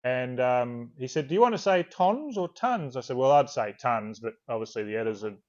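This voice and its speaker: An Australian author talking casually in an interview, a relaxed, rambling storyteller who swears now and then. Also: male voice, mid-range voice, fast talker, highs cut off. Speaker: author guest. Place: video call.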